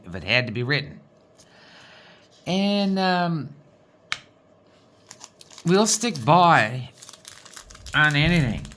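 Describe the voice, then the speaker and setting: A low-pitched, slightly bright woman's voice with a Newfoundland accent rambles casually while she sorts diamond painting supplies. She comes across folksy and likes to close her sentences with "boy".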